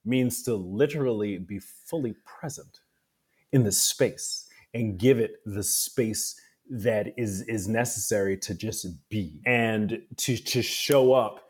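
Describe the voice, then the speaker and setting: A man talking in a casual interview, an animated storyteller who acts out the voices he quotes. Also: lowish voice, slow pace, breathy edge. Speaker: guest.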